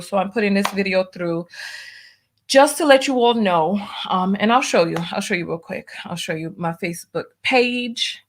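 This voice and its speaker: A woman hosting her own livestream show, talking casually and venting her frustration, with many restarts. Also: mid-range voice.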